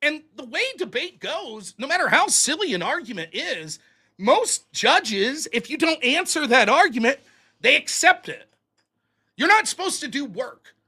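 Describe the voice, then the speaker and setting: A man hosting a livestream, telling stories in an animated, profane way. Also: extremely high pitch, a little slow. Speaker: livestream host. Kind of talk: casual livestream commentary.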